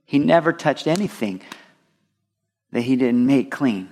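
A man preaching a sermon, swinging between emphatic loud stresses and soft drops. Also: mid-range voice, lively intonation, unhurried.

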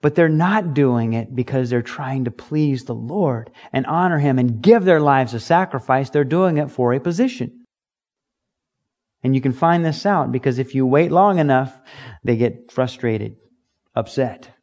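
A man's voice: mid-range voice, darkish tone. A man preaching an earnest, emphatic sermon, teaching from scripture with rhetorical questions. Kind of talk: sermon, Bible study teaching.

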